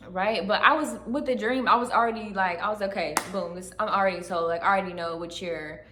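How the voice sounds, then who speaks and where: Speaking a little fast in a steady, mid-range voice, a woman shares her personal religious testimony straight to the camera on her channel. She comes across as earnest and searching, and she tags many sentences with "right?". The room echoes, and the background is noisy.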